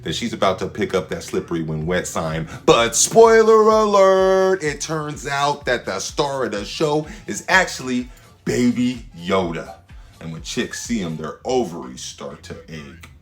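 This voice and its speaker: A man, a standup comedian hosting his own show, rambling through a slangy, playful comedic monologue with sudden loud jumps. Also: sits low, very animated, normal speed, soft background music.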